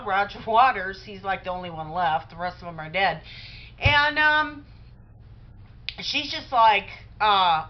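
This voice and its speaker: A woman's voice: mid-range voice, lively intonation, normal speed, lo-fi sound. A middle-aged woman giving a casual religious talk, telling stories in a conversational way full of fillers. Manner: conversational storytelling with many fillers. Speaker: Bible teacher.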